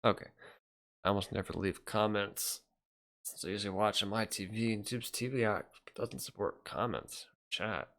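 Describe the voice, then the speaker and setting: Reading viewer comments on his casual livestream, a young host rambles, reacts to chat, and lets his sentences trail off. His voice sits lowish with vocal fry and a fairly bright tone, at a normal pace.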